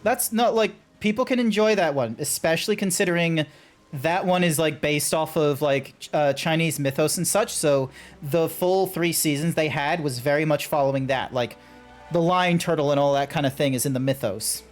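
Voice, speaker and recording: A man's voice: fairly high pitch, normal speed, faint music behind. A man streaming a game and chatting casually with friends, rambling, swearing and laughing easily. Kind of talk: casual chat while gaming.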